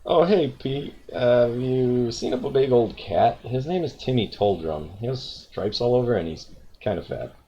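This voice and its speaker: A man's voice: mid-range voice, lively intonation, a little slow, dark tone, slight background noise, lightly acted. A man voicing an earnest, polite young boy hero, read over a game. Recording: dull lo-fi recording.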